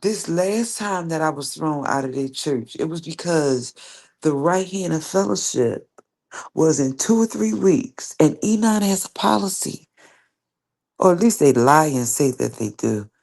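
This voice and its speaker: Woman host ranting live on stream, confrontational and repetitive, lowish gravelly voice. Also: animated, measured pace, darkish tone. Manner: confrontational, speaking straight to an absent opponent; rambling, repeats herself. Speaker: livestream host. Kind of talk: direct-address livestream rant.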